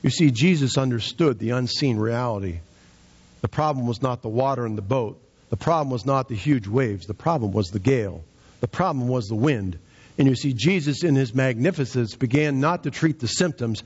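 A husky-voiced man preaching a sermon with an emphatic, rising and falling delivery. His voice sits mid-range, and the recording sounds slightly dull. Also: mid-range voice, moderate pace, a little mellow.

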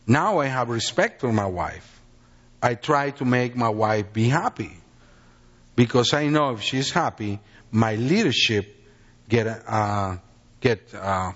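A man's voice: medium pitch, fairly bright tone, in a large hall, dull audio. A man in his fifties from Mexico with a Mexican Spanish accent, a native Spanish speaker giving an earnest, rambling sermon testimony in broken English.

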